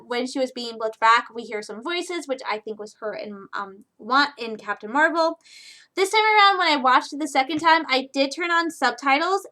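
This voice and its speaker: A young woman from Michigan, talking chattily and excitably in a casual recap vlog, with frequent restarts. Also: sits high. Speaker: vlogger.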